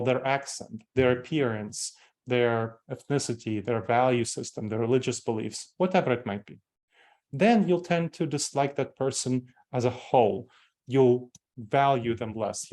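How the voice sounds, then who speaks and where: A corporate trainer in his forties with a Moldovan accent talks to staff in a mid-range, somewhat mellow voice. He explains each step in turn and repeats key terms to emphasize them.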